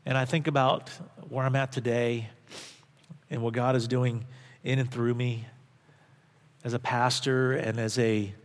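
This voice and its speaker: A man's voice: mid-range voice, little pitch movement, a little slow, long pauses, in a large hall. A male pastor preaching a sermon, earnest and emphatic, repeating phrases for stress. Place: church sanctuary.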